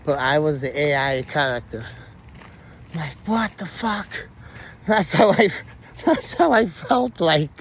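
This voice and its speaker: A man telling his own story in a casual, animated way, swearing freely and using slang. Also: fairly high pitch, slow pace, long pauses, a little hiss or hum.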